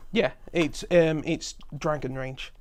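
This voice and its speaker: A man's voice: fairly high pitch, steady tone, slow, a little mellow. A man co-hosting a casual tech chat, reading out hardware specs and correcting himself as he goes. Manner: reads out specs, self-corrects. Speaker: co-host.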